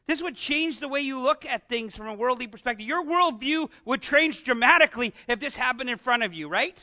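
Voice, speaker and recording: A man preaching a conversational sermon into an amplified microphone, animated and often asking his congregation rhetorical questions. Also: very high-pitched, a little fast. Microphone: amplified microphone with some feedback.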